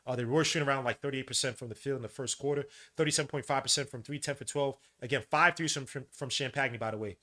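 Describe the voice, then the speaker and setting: A man hosting a podcast, giving live play-by-play commentary and stats with excitable, frustrated, slangy outbursts. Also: mid-range voice, quick pace, hardly any pauses. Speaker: podcast host.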